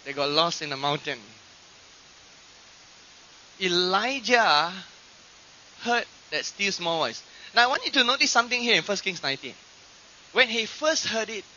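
In an animated but somewhat slow sermon full of long pauses, a man speaks with a sharp, high, very bright voice. He goes from loud, stretched lines to whispered asides, stumbling through fillers and restarts as he addresses the congregation. The muffled, lo-fi sound carries a faint hiss or hum, like an aged archive tape.

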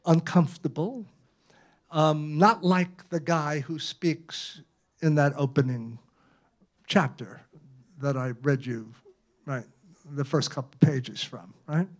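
An elderly man from Brooklyn, in his eighties, talks an audience through a story from his own life. His voice sits a little high for a man and stays easy and conversational, often ending a thought with a quick "right?" to the room. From Brooklyn, New York. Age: 80s. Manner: conversational, tags many phrases with "right?". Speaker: author giving a talk. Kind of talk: anecdotal public talk. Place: library event room.

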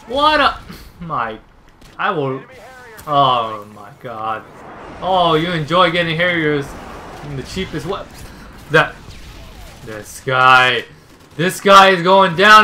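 A man giving live commentary on his own gameplay, ranting, yelling and sarcastically griping at teammates. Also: high-pitched, very animated, slow, pauses often, slight background noise. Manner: raging, yelling outbursts at teammates.

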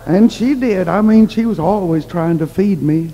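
A woman's voice: on the low side, normal speed, few pauses, dark tone, dull audio. A woman preacher telling a humorous story in a sermon, chatty and self-mocking, often laughing at herself. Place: church hall. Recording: long reverb in a large hall.

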